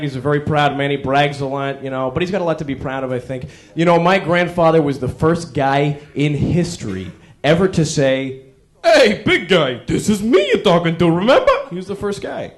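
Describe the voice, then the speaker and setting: A man doing a stand-up comedy routine, acting out quick character bits to a live crowd. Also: on the high side. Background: audience laughter.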